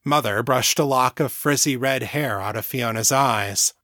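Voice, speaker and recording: A man narrating a novel chapter in a steady, measured reading voice. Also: medium pitch, no echo, clean studio sound. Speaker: audiobook narrator. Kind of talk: scripted narration.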